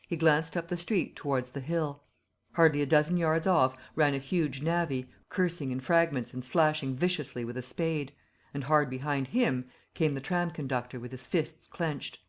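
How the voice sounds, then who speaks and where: Audiobook narrator, steady even reading, classic novel, mid pitch.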